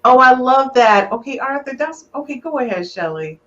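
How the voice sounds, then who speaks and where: A woman's voice: high-pitched, animated, moderate pace, a bit bright, muffled recording. A woman hosting a live relationship podcast, teasing her guests and getting emotional. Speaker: podcast host.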